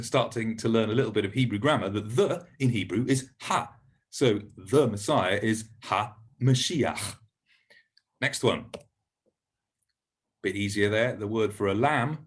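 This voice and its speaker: Husky-voiced man teaching pronunciation. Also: on the low side. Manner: patient, encouraging, slows down to model words. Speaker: Hebrew teacher. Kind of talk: recorded lesson narration.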